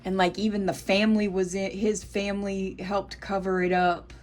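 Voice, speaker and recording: A tarot reader from the United States with a Southern accent gives a solo reading, her mid-range voice flat and darkish at a moderate pace. She speaks bluntly, swears freely and calls her viewers Collective.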